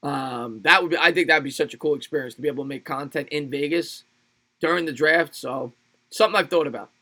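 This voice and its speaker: A man's voice: on the high side, fairly quick, sharp tone. A man doing casual play-by-play football commentary on a livestream, chatting with viewers between plays and laughing often. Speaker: livestream sports play-by-play host. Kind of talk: play-by-play commentary mixed with live chat replies.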